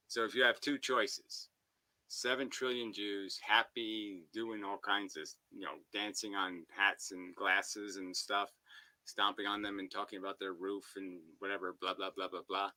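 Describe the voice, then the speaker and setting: Combative male commentator, foul-mouthed and abrasive, piercing bright voice, dry booth-like sound. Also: lowish voice, no echo, rough recording. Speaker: commentator reacting to a debate. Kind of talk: ranting philosophical commentary.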